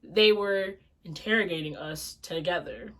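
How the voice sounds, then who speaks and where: A woman vlogger telling a casual storytime tale in an animated, slangy, expressive way. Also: fairly low pitch, a little slow.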